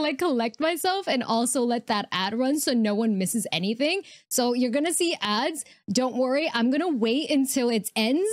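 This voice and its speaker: A young woman chatting to her stream viewers in a casual, rambling way, her voice a bit hoarse and teary. Her voice sits a little high and sounds close and dry, with no room echo. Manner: emotional, chatty, talking to chat with frequent fillers. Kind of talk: casual live-stream reaction chat.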